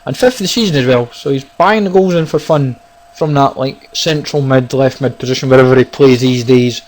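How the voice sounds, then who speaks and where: Excitable man commentating gameplay. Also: mid-range voice, fairly quick, low-quality recording. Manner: excitable, talks to viewers as "guys" and "lads". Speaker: gaming YouTuber. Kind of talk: casual live gameplay commentary.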